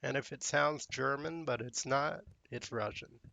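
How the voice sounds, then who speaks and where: A man's voice: medium pitch, measured pace, gravelly, pushed and bright, no echo, highs cut off. A man hosting a gaming channel, rambling and musing aloud in casual commentary while he plays.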